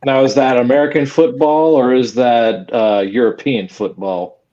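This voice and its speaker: A man's voice: mid-range voice, steady tone, a little slow, warm tone. A man on a live-streamed talk panel, dropping dry, wry asides. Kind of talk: casual live-stream chat. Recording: dull lo-fi mic.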